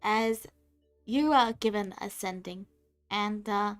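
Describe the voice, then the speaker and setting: A woman's voice: mid-range voice, takes it slowly, soft background music. A woman running a tabletop game as game master, describing scenes and relaying replies.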